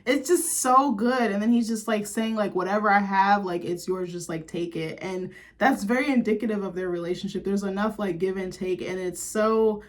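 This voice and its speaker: A woman's voice: medium pitch, moderate pace, few pauses. A young woman vlogger, chatting in a gushing, chatty way and full of "like". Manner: gushing, chatty, lots of "like", laughs. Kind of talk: casual chat to camera.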